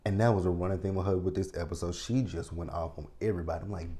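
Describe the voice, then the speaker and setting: Low, dark-voiced man ranting profanely. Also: steady tone, quick pace, hardly any pauses. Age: 30s. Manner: blunt, profane, ranting commentary; talks straight to viewers, checking in with "right?". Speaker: TV episode reviewer. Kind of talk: casual recap and review.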